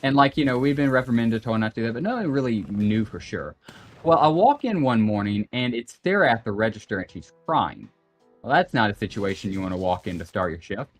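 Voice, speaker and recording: A man's voice: fairly low pitch, lively intonation, fairly quick. A young man telling a story in a casual group voice chat, rambling and full of "like" and "you know". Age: young adult. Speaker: guest on a gaming stream. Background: faint background music.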